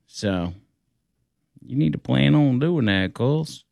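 A man's voice: medium pitch, animated, takes it slowly, gravelly, a little mellow, no room sound, studio quality. A man hosting a talk radio show, chatting loosely and rambling from topic to topic. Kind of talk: casual talk radio chat.

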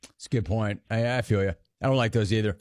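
A radio talk show host with a fairly low, darkish voice speaks quickly as he takes calls. His delivery is playful and jokey, full of sing-song riffs.

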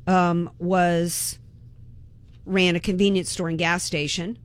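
A woman's voice: fairly low pitch, a bit bright. A woman hosting talk radio, delivering an impassioned, indignant political monologue and repeating words when worked up.

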